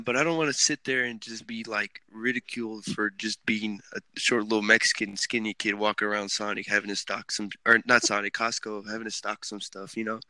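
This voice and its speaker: A young man hosting a casual podcast chat, telling animated stories with lots of swearing. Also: on the low side, fairly quick, no echo. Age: young adult. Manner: animated, swearing, laughing storyteller. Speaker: podcast host.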